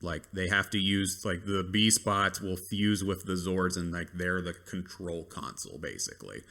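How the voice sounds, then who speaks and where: Guy with a deep low voice ranting casually about a show, rambly, lots of ums. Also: moderate pace, gravelly, pushed and bright. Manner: rambling, lots of ums and likes, dry complaints. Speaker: reviewer. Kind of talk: casual review rant.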